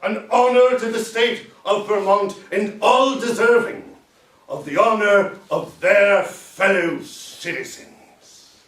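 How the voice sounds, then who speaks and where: An actor playing a bitter immigrant Civil War captain who drinks alone and rambles sardonically. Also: male voice, high-pitched, slow, a bit bright. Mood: sardonic. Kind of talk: solo stage monologue. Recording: roomy echo from far off.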